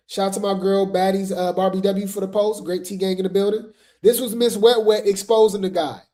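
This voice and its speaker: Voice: mid-range voice, mellow. A host giving casual gossip commentary in a chatty, slangy way with lots of fillers.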